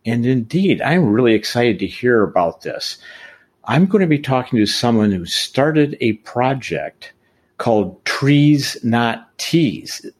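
A man's voice: medium pitch, sing-song, slow pace, slightly rough. A man hosting a podcast interview, chatty and joking, often correcting himself. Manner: jokey, rambling, self-correcting. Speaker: podcast host.

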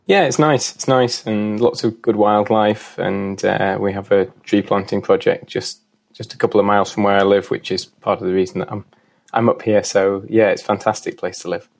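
A man's voice: fairly low pitch, fairly even intonation, normal speed, vocal fry. A man with a northern English accent, a guest on a podcast, modest and a bit hesitant, repeating words as he talks. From north of England. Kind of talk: casual interview talk.

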